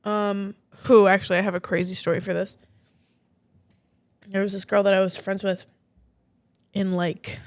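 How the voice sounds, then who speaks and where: A young woman chats on a podcast, winding through a story with a steady stream of fillers. Her voice is smooth and clear at a middling pitch. The sound is dry and close. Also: no echo. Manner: rambling storyteller, many "like" fillers. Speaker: podcast co-host. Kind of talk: casual chat.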